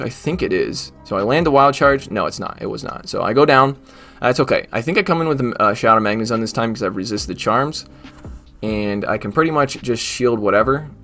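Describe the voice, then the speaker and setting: A man's voice: medium pitch, fairly bright tone. Joking man doing gameplay commentary. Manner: joking, mock trash talk at the game. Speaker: gaming YouTuber. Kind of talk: casual live gameplay commentary.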